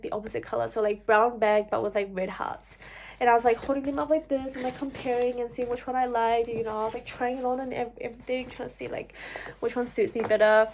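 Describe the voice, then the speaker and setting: A young woman with a fairly high voice shares a personal story on camera as a vlogger, chatty and full of fillers and "like." She becomes animated when quoting herself, with slight background noise behind her.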